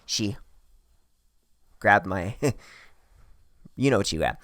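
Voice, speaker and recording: A man's voice: lowish voice, slow pace, no room sound, clean studio sound. A man telling a true story in a casual, profane way, acting out the voices of the people in it. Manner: profane, animated, acts out quoted voices.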